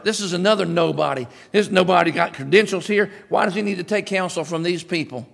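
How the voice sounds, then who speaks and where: A male pastor preaching a sermon in an animated, conversational way, with sudden loud bursts. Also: sits high, fairly quick, vocal fry, hardly any pauses, long reverb tail.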